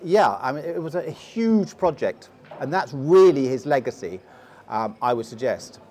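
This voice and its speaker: A man's voice: medium pitch, big pitch swings, normal speed, a little mellow, faint music behind. A middle-aged man with a posh English accent, telling long stories as a guest in an interview, often restarting his sentences. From England. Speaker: guest explorer. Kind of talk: storytelling interview.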